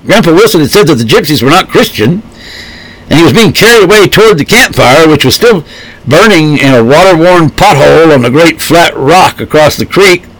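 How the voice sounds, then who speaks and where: Man reading a story aloud, higher voice. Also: expressive, a little fast, fairly bright tone, rough recording. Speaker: narrator.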